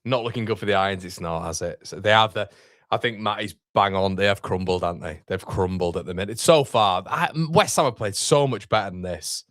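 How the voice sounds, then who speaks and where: A man's voice: deep voice, brisk, fairly bright tone, dry recording, clean studio sound. A man hosting a live football watchalong, reacting to the match and reading out chat messages. He swears, repeats himself and trails off, and his voice jumps up on near chances.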